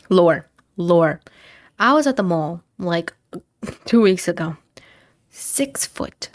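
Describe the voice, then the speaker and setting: A young woman hosting a casual advice talk, telling stories in a chatty, slangy, animated way. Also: on the low side, no echo, clean studio sound. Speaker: host.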